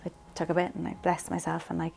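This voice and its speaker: Faint music plays behind a woman giving her faith testimony in an interview, talking quickly in a low, gravelly, warm but monotone voice. She chats away, peppering her speech with "like" and acting out quotes.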